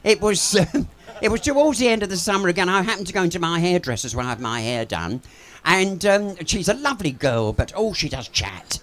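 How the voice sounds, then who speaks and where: Camp bloke doing bawdy pub stand-up, high swoopy voice, bit of music behind. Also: male voice, expressive, brisk, fairly bright tone. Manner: camp, cheeky, gossipy storytelling with laughs. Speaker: cabaret comedian and singer. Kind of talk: live bawdy stand-up patter. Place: pub stage before a live audience.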